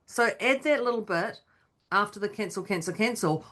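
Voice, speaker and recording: Chatty, animated woman podcast host. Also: mid-range voice, moderate pace. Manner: animated, chatty, acts out quoted voices. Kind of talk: casual motivational chat.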